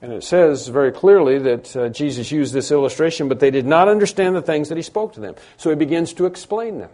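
A man's voice: a little high, expressive, fairly quick, dark tone. A man preaching a sermon, emphatic, building through repeated phrases and frequent restarts. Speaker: pastor.

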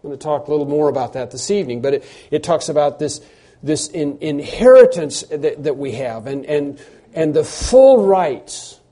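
A man's voice: on the high side, animated, normal speed, dark tone. A man preaching a sermon, earnest, often repeating words as he builds to emphatic phrases.

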